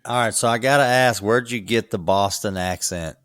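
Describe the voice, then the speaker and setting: A man's voice: lowish voice, moderate pace, fairly bright tone, dry recording. A man hosting a podcast, asking curious, chatty questions in a casual interview. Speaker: podcast host.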